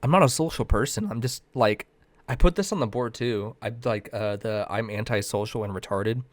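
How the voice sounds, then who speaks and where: A man in his twenties co-hosts a casual podcast, rambling through self-mocking stories, swearing a lot and laughing at himself. His voice is lowish at a normal speed, and the recording is dry.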